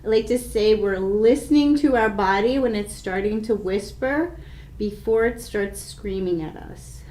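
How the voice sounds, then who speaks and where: Slow, calm woman yoga instructor. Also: mid-range voice, roomy sound, slight background noise. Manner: slow, calm, soothing guidance. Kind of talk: guided yoga class instruction.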